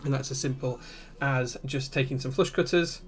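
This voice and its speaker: A man's voice: mid-range voice, fairly even intonation, moderate pace, background noise. A man, hosting a live stream where he walks through a build step by step and answers chat. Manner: methodical step-by-step explaining, reading chat aloud.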